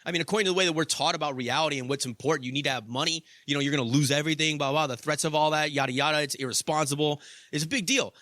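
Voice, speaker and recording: A man's voice: a little high, very fast, sharp tone, no room sound, clean studio sound. A young adult man hosting a podcast, telling a story in a casual monologue, swearing freely and padding with "like" and "you know.". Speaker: podcast host.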